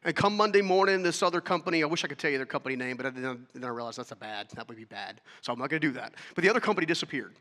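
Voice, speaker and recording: A man's voice: on the high side, expressive, rapid-fire, hardly any pauses, bright, forceful tone, big-room sound. A man telling a story to an audience as a motivational talk, acting out the dialogue and throwing questions at the listeners. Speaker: speaker.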